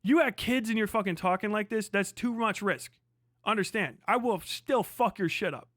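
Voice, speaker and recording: A man's voice: high-pitched, moderate pace, a bit bright, dry recording, clean studio sound. A man hosting a livestream, reacting to a debate with heated, mocking, profane rants.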